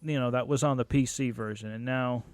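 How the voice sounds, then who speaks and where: A young man hosts his own solo podcast, ranting angrily and swearing freely, with laughs breaking through the animated, profane rant. His mid-range voice is smooth and fairly quick, with no room sound.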